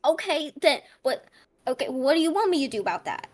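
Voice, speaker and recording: A woman's voice: sits high, very animated, brisk. A woman playing a tabletop game, talking as her character in a flustered, exasperated way. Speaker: player. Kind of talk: in-character tabletop role-play.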